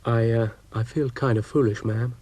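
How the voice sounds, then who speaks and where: A man's voice: mid-range voice, steady tone, normal speed, lightly acted. Dylan, a man doing a sleepy hippie rabbit. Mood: weary. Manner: drawling, mellow slang. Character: sleepy laid-back hippie male rabbit.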